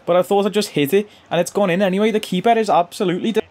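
A young man giving casual, slangy commentary over his own football video game, chuckling often and jumping to excited shouts when goals go in. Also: high-pitched, racing. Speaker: gaming YouTuber and streamer. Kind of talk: casual live gameplay commentary.

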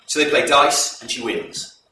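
A man with a bright, forceful voice tells a folk tale to a live audience, measured and explanatory. He is heard from a distance in an echoey hall, with faint ambient noise behind him. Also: medium pitch, animated. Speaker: presenter introducing a folk performance. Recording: echoey hall recorded from far off.

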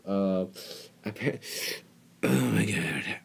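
A man's voice: lowish voice, lively intonation, slow, vocal fry, pauses often, darkish tone, slightly rough. A man doing casual reaction commentary. He rambles, makes mocking, exasperated asides and keeps breaking into giggles. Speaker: reaction video host.

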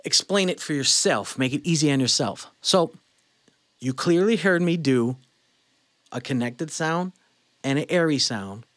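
A man's voice: a little high, expressive, measured pace, a bit bright, dry recording. A male vocal coach giving a casual singing lesson in a blunt, opinionated way, breaking off to demonstrate sounds with his own voice.

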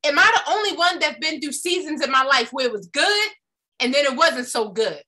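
A woman gives an emphatic motivational talk in a high voice. Her tone is bright and forceful, and she keeps turning to her listeners with questions as she tells personal stories. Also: expressive, brisk. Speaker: motivational speaker.

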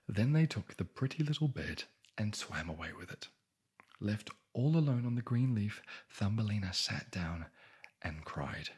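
A man whispering a bedtime fairy tale as an ASMR sleep story into a close microphone, soft-spoken, with wry joking asides. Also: fairly low pitch, expressive, unhurried, slightly rough.

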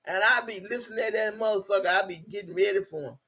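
A husky-voiced woman chats through her livestream and talks back to her viewers. Her delivery is loud, cussing and boastful, with a sharp, forceful edge. She laughs easily as she goes. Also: medium pitch, quick pace, few pauses. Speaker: livestream host reading chat. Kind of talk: casual livestream chat.

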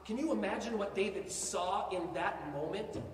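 A man preaching a sermon as pastor, animated, swinging between quiet asides and loud bursts. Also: high-pitched, normal speed, slight background noise. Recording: echoey hall from far off, faint ambience.

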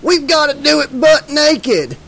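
A boisterous young partier hollering at his friends, pitched high and loud, as a male narrator puts him on. It is an audiobook voice with a strained, yelling edge. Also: sing-song, a little slow, creaky, full character voice. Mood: rowdy. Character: rowdy drunk young man egging friends on.

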